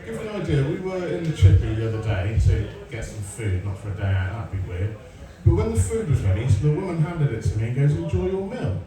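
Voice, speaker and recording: Delivering stand-up at a comedy club, a man from England in his forties is sarcastic and sweary, mixing stories with crowd work. His mid-range voice is sing-song and fast, with few pauses. He's far from the mic in a roomy live venue, with music, the crowd, and audience laughter behind him.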